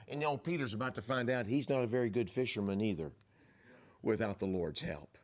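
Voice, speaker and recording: A man's voice: on the low side, brisk. A man preaching a sermon as a pastor, telling the story in vivid scenes and acting out the voices of the people in it. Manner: drops to a whisper for asides.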